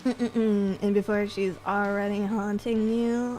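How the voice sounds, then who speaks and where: A woman's voice: mid-range voice, a little slow, music in the background. A woman streamer chatting casually and reading viewer comments, playful, giggly and self-mocking.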